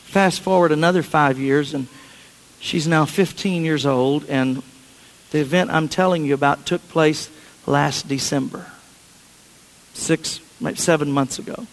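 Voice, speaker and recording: High-voiced man preaching in an echoing hall. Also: measured pace. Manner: chatty, anecdotal, frequent restarts. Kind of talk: sermon storytelling.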